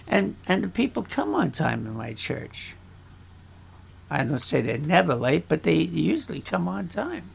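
A man's voice: high voice, wildly swooping pitch, measured pace, vocal fry, fairly bright tone, slightly rough. A male pastor talking frankly about his church, bluntly, acting out the voices of people he quotes. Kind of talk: casual talk about church life. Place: church in the Philippines.

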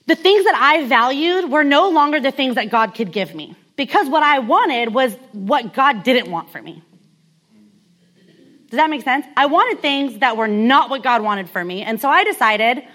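A woman's voice: a little high, fairly bright tone. A woman in her thirties from California giving a candid, conversational sermon told as a personal story, with many casual fillers. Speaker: speaker.

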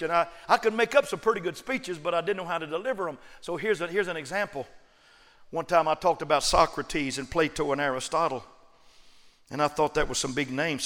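A man preaching a sermon, joking one moment and shouting emphatic refrains the next. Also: fairly high pitch. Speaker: pastor. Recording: long reverb of a large hall.

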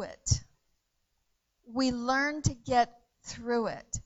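A woman preaching a sermon in an earnest way, repeating phrases and swinging from hushed to loud. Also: on the high side, measured pace, highs cut off.

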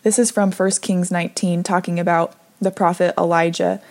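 A woman giving a conversational devotional talk, earnest and gently encouraging, reading scripture aloud between her own thoughts. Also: lowish voice, level tone, normal speed. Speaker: devotional speaker.

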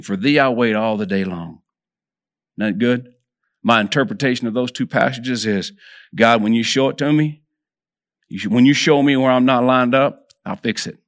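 Guy preaching to a room of men, gets loud and high then goes quiet for the prayers, lots of amen?. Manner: builds in pitch and volume when exhorting, drops soft and low for prayers; conversational, repeats words when restarting, calls for amens. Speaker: preacher at a men's gathering. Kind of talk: sermon.

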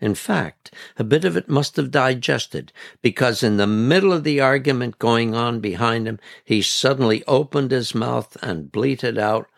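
A man's voice: mid-range voice, unhurried, creaky, hardly any pauses. A man narrating a folksy story in a conversational, scripted reading. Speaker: storyteller, podcast reader. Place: community radio studio. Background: faint background music.

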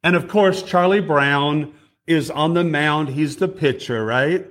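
Storytelling male preacher, slightly high voice. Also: unhurried, fairly bright tone. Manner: storytelling, addresses congregation directly with questions. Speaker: district superintendent preaching. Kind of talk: sermon. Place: church sanctuary.

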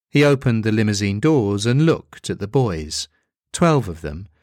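A man narrating a dark comic story aloud in a dry, deadpan manner. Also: fairly low pitch, no room sound.

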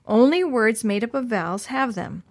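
A woman's voice: a little high, lively intonation, normal speed. A woman voicing an earnest, thoughtful boy who speaks carefully.

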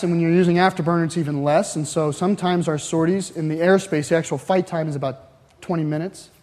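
A man's voice: sits high, darkish tone. A man preaching a sermon in a church, talking conversationally with frequent "right?" asides. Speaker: pastor. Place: church sanctuary. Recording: long hall reverb.

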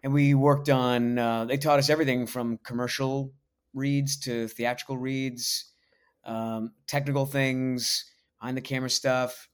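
A man's voice: medium pitch, level tone, clean tone. Laid-back man in his forties. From United States. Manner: laid-back, halting, self-deprecating. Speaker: voice actor guest. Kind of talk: casual interview storytelling.

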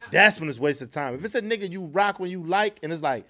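A man's voice: fairly high pitch, lively intonation, fast, sharp tone. A man in a casual group chat, slangy and insistent, repeating himself to get the floor.

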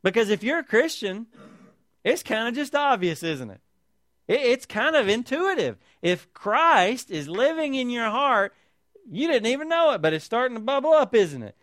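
A man's voice: very high-pitched, big pitch swings, normal speed, a bit bright, no room sound, studio quality. A man preaching a sermon as pastor, reading scripture aloud with emphasis and pressing points with rhetorical tag questions.

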